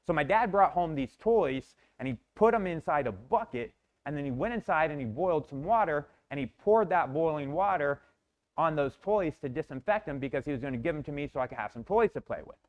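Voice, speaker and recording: A man's voice: fairly high pitch, animated, a little fast, dull audio. Intense man telling a personal story. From Florida, USA. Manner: intense, repeats words and restarts, swears. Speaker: motivational speaker.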